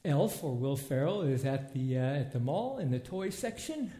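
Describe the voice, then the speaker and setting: A man teaching a Bible lesson in a church hall in a loose, lively way, acting out scenes in different voices. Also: medium pitch, moderate pace. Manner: animated, acts out movie scenes in voices. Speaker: preacher. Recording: echoey room.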